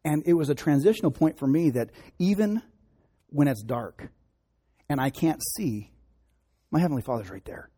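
Mellow-voiced pastor preaching conversationally. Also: male voice, fairly high pitch, lively intonation, normal speed, long pauses, breathy edge. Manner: conversational, acts out quoted voices, drops to soft prayer. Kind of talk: sermon with storytelling and prayer.

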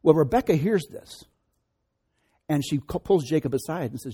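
Warm, husky-voiced male pastor. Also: fairly high pitch, expressive, normal speed, pauses often. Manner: conversational storyteller, joking asides. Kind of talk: sermon.

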